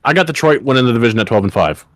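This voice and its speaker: A man's voice: medium pitch, expressive, very fast, fairly bright tone. A young man co-hosting a casual sports podcast, chatting about football picks. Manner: puts on a jokey Midwestern voice. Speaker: podcast co-host.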